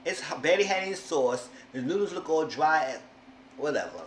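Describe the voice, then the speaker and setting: A man's voice: fairly high pitch, expressive, normal speed. Male reality-TV reviewer, sassy and exasperated, mimics cast members; echoey room, faint hiss. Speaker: TV show reviewer. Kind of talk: casual recap commentary.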